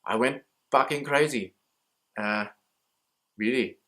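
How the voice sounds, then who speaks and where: A man's voice: mid-range voice, takes it slowly, fairly bright tone. Candid, swearing Australian man. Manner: rambling, swears freely, laughs at himself. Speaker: mental health vlogger. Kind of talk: candid casual monologue.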